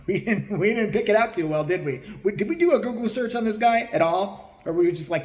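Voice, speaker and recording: A man's voice: high-pitched, brisk, darkish tone. A man giving crude, mocking comedic commentary in a profane ranting style. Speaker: host. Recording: roomy echo.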